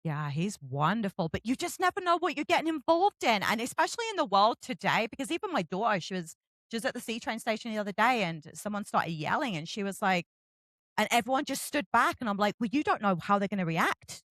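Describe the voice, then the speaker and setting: A woman from England with a southern English accent, hosting a casual interview, animated and often laughing. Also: medium pitch, fast, dry recording. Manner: giggly, animated storyteller. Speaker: interview host.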